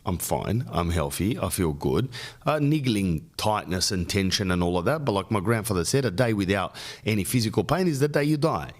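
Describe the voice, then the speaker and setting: A middle-aged man with an Australian accent, hosting a podcast and telling a long, rambling story full of jokes and quick lists. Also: fairly low pitch, expressive. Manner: rambling, jokey, riffs on lists. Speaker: podcast host. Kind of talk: casual storytelling monologue.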